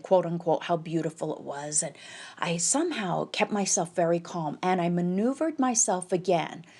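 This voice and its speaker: A woman telling a tense personal story, halting and quoting the people she met. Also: lowish voice, darkish tone. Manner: tense, halting retelling with quoted dialogue. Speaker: podcast storyteller.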